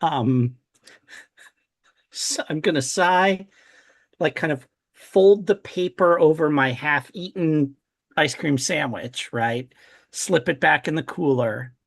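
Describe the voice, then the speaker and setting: A man playing in a tabletop game, talking slowly with many fillers and restarts. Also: a little high. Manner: slow, halting, full of fillers. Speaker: player. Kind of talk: tabletop role-play.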